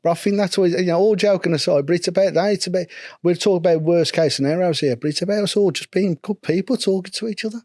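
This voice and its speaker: A man's voice: high-pitched, fast talker, a little mellow, no echo, clean studio sound. A middle-aged man with a local English regional accent, speaking candidly and at length as a podcast guest and mental health instructor. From England. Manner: rambling, earnest, self-deprecating.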